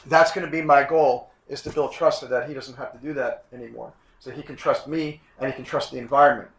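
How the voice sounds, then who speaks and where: A man in his sixties, a chiropractic instructor giving a classroom lecture, emphatic, repeating his points and often clearing his throat. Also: mid-range voice, moderate pace. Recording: echoey room.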